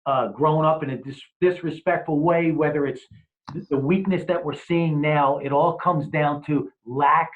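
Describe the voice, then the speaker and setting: A man's voice: a little high, steady tone, normal speed. A man hosting an interview, steering the talk with blunt, profane remarks. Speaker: podcast host. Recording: tinny phone-like sound.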